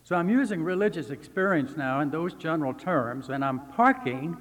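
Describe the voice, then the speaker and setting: An older man from Texas giving a formal academic lecture as a visiting seminary professor, speaking in measured, deliberate phrases with pauses. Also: fairly high pitch, animated, fairly bright tone. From Texas, USA. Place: lecture hall. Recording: long reverb from a large hall.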